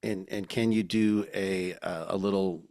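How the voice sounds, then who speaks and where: A man co-hosting a podcast, joking and talking in halting, restarting phrases. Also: sits low, steady tone, creaky, a little mellow, no room sound, clean studio sound. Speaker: podcast co-host. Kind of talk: casual podcast chat.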